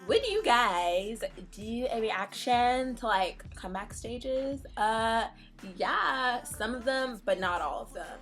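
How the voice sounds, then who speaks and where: A woman's voice: fairly high pitch, expressive, slow pace, fairly bright tone, soft background music. A young woman co-hosting a casual fan Q&A, chatty and opinionated in a laid-back way. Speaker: K-pop reaction channel co-host. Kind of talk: casual Q&A chat.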